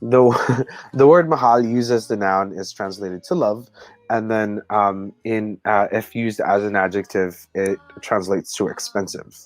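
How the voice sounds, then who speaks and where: A man talking slowly on a video call, stopping and restarting with lots of fillers as he explains words. He laughs often between phrases, and his voice sits dry and close with no room around it. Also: on the low side, dry recording, rough recording. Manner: halting, rambling, many fillers and restarts. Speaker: co-host teaching Tagalog words. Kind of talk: casual chat on a video call.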